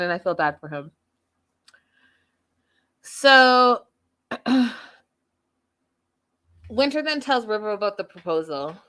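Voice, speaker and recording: A woman's voice: mid-range voice, fairly bright tone, clean tone. A woman hosting a TV recap show, chatting casually to her viewers in a gossipy, playfully dramatic way.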